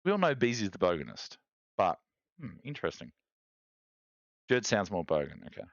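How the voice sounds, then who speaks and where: Australian male streamer host, casual chatty delivery, very animated pitch, dry dull mic. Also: moderate pace, no echo. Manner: chatty, reads chat aloud, animated rants. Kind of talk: casual live-stream chat.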